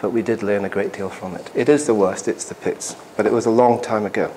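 A man's voice: fairly low pitch, fairly even intonation, fairly quick, mellow, slight background noise. A man, an airline pilot, giving a conversational and emphatic conference presentation in a hall, with asides to the audience.

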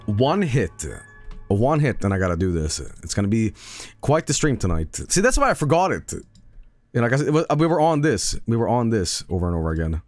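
A man streaming a video game, talking excitedly, swearing and repeating commands over and over. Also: mid-range voice, fairly quick, no echo, faint music behind. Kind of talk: live gameplay streaming.

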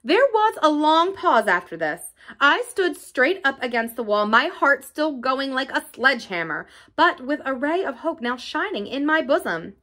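A woman narrating an audiobook chapter with expressive storytelling. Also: high voice, moderate pace. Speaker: audiobook reader.

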